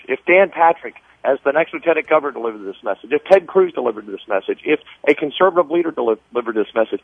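A man's voice: fairly high pitch, breathy edge, no echo. A man calling into a radio show as a guest, talking fervently and preacherly, often repeating words as he builds a point, heard over a phone line. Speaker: political guest on a call-in. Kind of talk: phone interview. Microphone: telephone.

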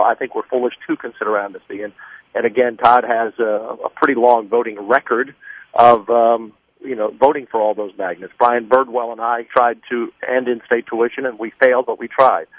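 A man's voice: mid-range voice, no echo. A man in his sixties, out of breath, phoning into a radio show as a political candidate and rattling off figures insistently while walking. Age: 60s. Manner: brisk, number-heavy, insistent. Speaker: political candidate, phone-in guest. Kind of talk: campaign talk on a radio call-in. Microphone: mobile phone while walking. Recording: tinny phone line, dry.

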